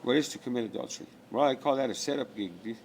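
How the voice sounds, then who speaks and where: A man's voice: mid-range voice, racing, darkish tone, a little hiss or hum. A man delivering a rambling spiritual rant, profane and preachy, full of rhetorical questions.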